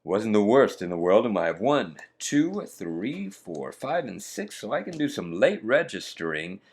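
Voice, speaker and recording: A man's voice: lowish voice, big pitch swings, a little slow, husky. A man hosting a solo board game playthrough, talking viewers through each move in a chatty, theatrical way.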